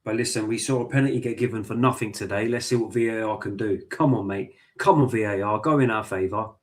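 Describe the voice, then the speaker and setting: A man's voice: fairly low pitch, quick pace. A man watching a football match live with his viewers, talking to the players and the referee and swearing often. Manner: excitable, swears a lot, talks to the players and ref. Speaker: football fan streamer.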